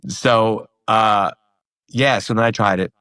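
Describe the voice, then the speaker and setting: A comedian in his thirties telling a story in a casual interview, animated, acting out the other people in it. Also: on the low side, takes it slowly, clean tone, no room sound, studio quality. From New York and Pennsylvania. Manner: animated, acts out quoted voices. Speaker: comedian guest.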